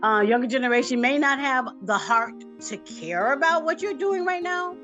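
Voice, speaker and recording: Woman guest on a video call, effusive and warm, laughs easily, faint music underneath. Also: high-pitched, lively intonation, normal speed, lo-fi sound. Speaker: filmmaker guest. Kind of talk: casual video call interview. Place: home.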